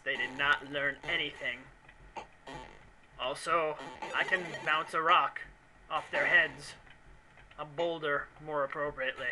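A man's voice: a little high, bright, forceful tone, low-quality recording. A man commenting on a video game he is playing, in rambling, mock-angry, jokey rants. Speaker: let's play commentator.

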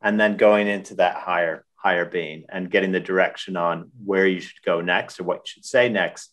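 A man hosting a podcast interview, asking questions haltingly and restarting them. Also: sits low, steady tone, a bit bright. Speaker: podcast host.

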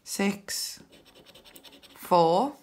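A woman hosting a scratchcard video, counting numbers aloud in casual narration with bursts of excited whoops. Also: medium pitch, very slow. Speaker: scratchcard channel host.

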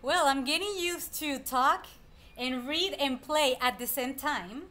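A woman streaming a video game, excitedly chatting to the enemies she fights and repeating herself when frustrated, with game music faintly behind her. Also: high-pitched, unhurried. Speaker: gameplay streamer. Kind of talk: live gameplay commentary.

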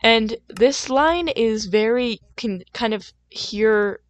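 A young woman rambling casually while she plays a game, full of fillers, self-deprecating asides and sudden loud, playful outbursts. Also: fairly high pitch, slow, no room sound. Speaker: gaming video creator.

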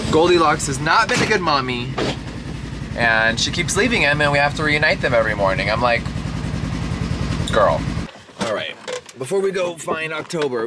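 A man's voice: mid-range voice, very noisy. A man vlogging outdoors in a pasture on a handheld camera. He talks casually and frankly, with some swearing. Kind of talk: casual vlog narration. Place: outdoors in a ranch pasture at dawn. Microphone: handheld camera mic.

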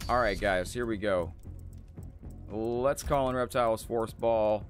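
A man with a lowish voice streams a fighting game live at a measured pace, faint music playing behind him. Laid-back and chatty, he thanks viewers and tells stories between matches.

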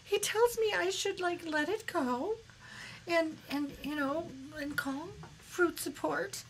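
A woman's voice: very high-pitched, slow, a bit bright, slight background noise, heavily acted, low-quality recording. A woman playing a rambling, needy sister wife. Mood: earnest. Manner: hesitant, stammering, rambling. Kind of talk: prank call role-play.

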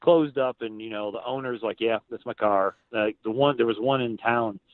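A man, a podcast guest, chatting casually and telling lively stories in which he acts out what other people said. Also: medium pitch, normal speed, no room sound. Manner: animated storyteller who acts out other people's lines. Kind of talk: casual storytelling chat. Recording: tinny phone-like line, dry.

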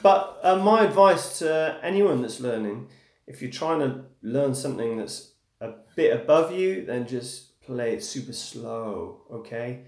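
A man's voice: medium pitch, animated, a little slow, darkish tone. A man with an English accent teaching guitar on a live stream, talking casually and checking in with viewers. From England. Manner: casual and encouraging, checks in with "okay?", calls viewers "dude" and "man". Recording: echoey room with guitar playing.

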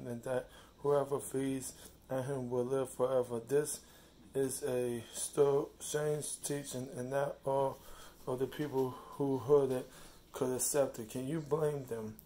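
A man reading a devotional slowly, stopping and restarting often, then talking fondly to his cat at home. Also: medium pitch, flat delivery, a little hiss or hum. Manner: slow, halting reading with restarts; fond, soft talk to his cat.

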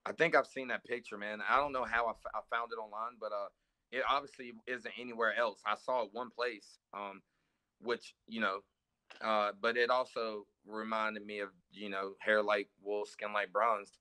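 Laid-back bright-voiced podcast host, man. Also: fairly low pitch, level tone, normal speed, clean tone, no room sound. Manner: laid-back, reacting with short interjections. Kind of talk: casual chat.

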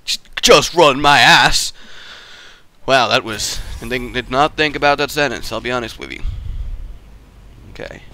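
A young man talks over his gameplay in a bright, forceful voice. His pitch swings widely as he jokes, cheers and yells at his mistakes, in a casual let's play style. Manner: excitable, jokey, yelps and shouts at failures. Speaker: gaming YouTuber.

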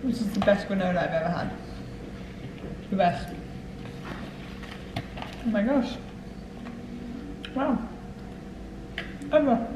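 A woman's voice: mid-range voice, expressive, slow, long pauses. A young woman, chatting enthusiastically in a casual vlog. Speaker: vlogger. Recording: echoey room with clear background noise.

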